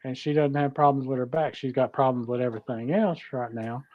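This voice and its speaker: A man's voice: mid-range voice, a little fast, muffled recording. A man co-hosting a cooking show, telling folksy stories in casual live-stream chat.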